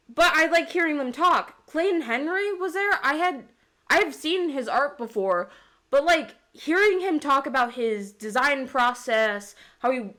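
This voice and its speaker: A woman's voice: on the high side, fairly bright tone. A young woman ranting about comics in a casual vlog, heated and full of swearing and fillers. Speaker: comics vlogger. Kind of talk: casual rant.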